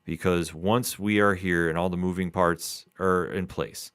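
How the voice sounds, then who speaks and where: A man co-hosting a comic book review podcast, calmly recapping the story. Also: sits low, measured pace, clear, resonant tone, no echo, clean studio sound. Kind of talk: casual review chat.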